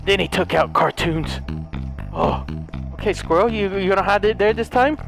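A young man giving comedic let's play commentary, frantic and pleading, shouting and laughing as he plays. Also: sits high, animated, normal speed, gravelly, over music. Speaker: gaming video host.

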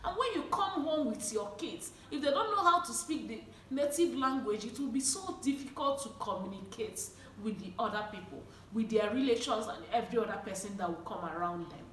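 A woman's voice: a little high, animated, brisk, few pauses, a bit bright, roomy sound, slight background noise. Passionate Nigerian woman with an Igbo accent. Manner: passionate and pleading, repeats words, frequent "eh?". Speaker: vlogger. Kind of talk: earnest talk to camera.

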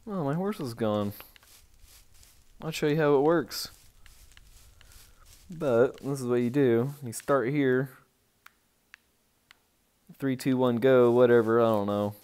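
A man giving casual, rambling commentary on a tour of his game village, easily excited and breaking into sudden outbursts. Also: medium pitch, slow pace, pauses often, smooth.

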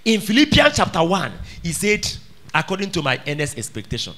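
Man, sermon, high voice, very animated, bright tone, emphatic questions. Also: fairly quick. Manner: emphatic, calls out questions to the congregation. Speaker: preacher.

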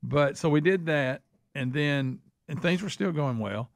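A man's voice: on the high side, a little slow, creaky, dry recording, clean studio sound. An older man, co-hosting a radio show, telling folksy family stories with easy laughter. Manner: folksy storyteller, drawls and laughs through anecdotes. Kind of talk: casual morning-show chat.

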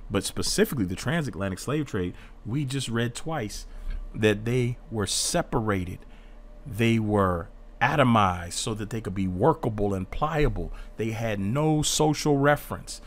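Low-voiced man leading a Bible study. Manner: earnest, defensive, reads passages aloud. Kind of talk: informal Bible study talk.

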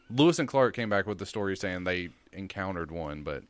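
A man's voice: low voice, lively intonation, moderate pace, smooth, dry recording. A man co-hosting a casual podcast chat, explaining facts with hesitant fillers. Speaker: podcast co-host.

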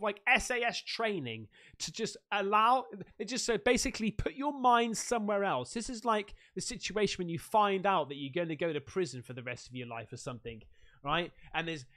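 An excitable English man giving casual reaction commentary as a video host, swearing and exclaiming loudly. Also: high-pitched.

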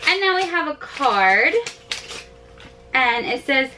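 A family vlogger films at home, opening packages with her toddler while music plays in the background. Her voice is high-pitched and sing-song, and she talks slowly. Her chat is gushing and emotional, packed with "like" fillers.

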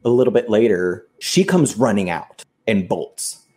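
Low, mellow-voiced man telling a story. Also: unhurried. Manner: animated retelling, acts out quoted lines, swears casually. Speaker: podcast co-host. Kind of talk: casual storytelling chat.

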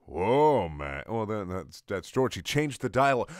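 A man's voice: fairly low pitch, sing-song, a little slow, few pauses, dry recording, clean studio sound. A man doing a comic dramatic reading of a fanfic, mock-solemn with incredulous asides. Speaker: fanfic reader.

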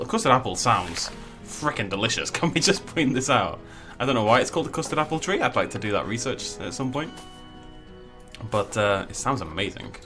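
A man's voice: medium pitch, a bit bright. A man giving casual, playful commentary while he plays a video game, full of jokey asides. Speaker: let's play host.

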